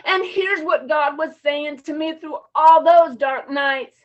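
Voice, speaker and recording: A woman with a high voice tells her recovery story in a frank, casual, openly emotional way, dropping slang as she goes. The sound is muffled, lo-fi conference audio. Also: unhurried. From Champaign, Illinois area. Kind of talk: personal recovery talk.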